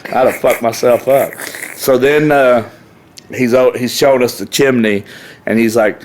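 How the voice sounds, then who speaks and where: A man's voice: mid-range voice, fairly even intonation, measured pace, slight background noise. This is a middle-aged man, a guest on a podcast who talks in a rowdy, profane way. His voice sits in the middle of a man's range. When he tells a story, he acts out the people in it. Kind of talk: casual storytelling.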